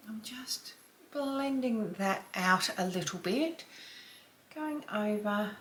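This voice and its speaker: A woman in her fifties vlogging a makeup tutorial from home. Her voice is bright and her pace is unhurried. She chats away and sometimes sinks into a soft near-whisper while applying shadow. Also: medium pitch, a little hiss or hum. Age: 50s. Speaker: beauty vlogger. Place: home, dog snoring nearby.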